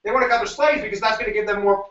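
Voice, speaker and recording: A man teaching a review lecture to a class, animated and jokey, with sudden shouts and quick asides. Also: sits high, a little hiss or hum. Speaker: history teacher. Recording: echoey room, mic at a distance, dull sound.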